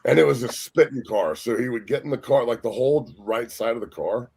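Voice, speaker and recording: A man, a former pro football lineman, telling loud, profane stories as a guest on a sports talk show. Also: mid-range voice, a little fast, creaky, slightly rough. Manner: loud, profane, laughing storyteller. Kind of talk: casual storytelling.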